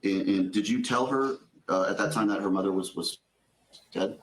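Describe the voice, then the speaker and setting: A man's voice: low-pitched, normal speed, faint music behind. A male attorney questioning a witness in court, methodical and restating answers before each question. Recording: echoey courtroom audio.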